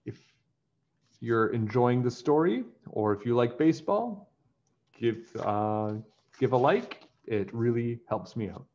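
A man reading a children's picture book aloud in an animated storytelling way. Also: medium pitch, takes it slowly, lo-fi sound.

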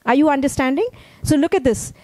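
A woman's voice: high-pitched, quick pace, darkish tone, no room sound. A woman pastor preaching a sermon in a conversational way, often checking in with her listeners. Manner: conversational preaching, frequent "okay?" check-ins.

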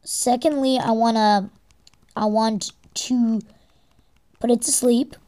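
A woman's voice: a little high, steady tone, slow, dark tone. A young woman giving gameplay commentary, exasperated and swearing at the game as she plays. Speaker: let's play gamer.

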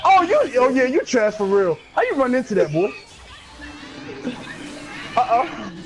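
Over slight background noise, a gamer trash-talks through live commentary on an online fighting match, taunting the other players repeatedly in a teasing, sing-song manner. The pitch is medium but swings widely, and the delivery is unhurried.

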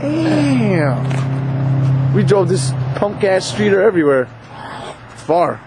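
A young man filming a street race on a handheld camcorder, rowdy and profane, shouting excited comments outdoors. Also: high-pitched, normal speed. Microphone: handheld camcorder mic. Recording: camcorder outdoors, loud crowd and engine noise. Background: loud crowd and car engines.

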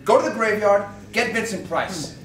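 An exasperated, bossy mad scientist, acted by a man barks orders at his bumbling crew. His voice is high and jumps around a lot. It comes from afar in an echoey room with faint noise. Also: lively intonation, normal speed, distant mic. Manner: exasperated, commanding, prone to shouting. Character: bossy male mad scientist in a horror hosting show.

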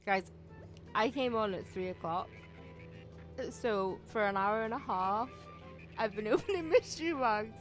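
A woman chatting casually on a game live stream, excitable and giggly, with lots of likes and ums. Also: medium pitch, a little slow, long pauses, soft background music. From United Kingdom.

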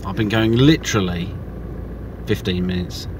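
A man's voice: sits low, moderate pace. A man hosting a casual road-trip car vlog, chatty and self-mocking, talking while he drives. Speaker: car vlogger host. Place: inside a car while driving. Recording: noisy car interior.

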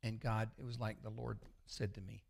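A man, a pastor preaching a sermon with folksy, confessional storytelling that often sinks to a low murmur. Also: little pitch movement, normal speed, vocal fry. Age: 60s.

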